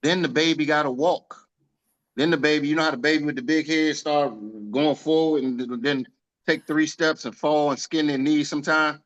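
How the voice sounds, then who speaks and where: A man hosting a motivational sales team call on a video meeting, energetic and folksy, full of homespun comparisons. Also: on the high side, normal speed, highs cut off.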